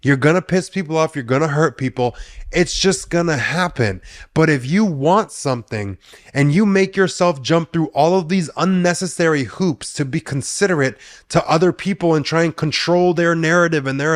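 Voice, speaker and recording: Blunt, profane podcast man, higher voice. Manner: blunt, profane, laughs often at his own jokes. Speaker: podcast host. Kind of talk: solo podcast monologue. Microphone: podcast mic.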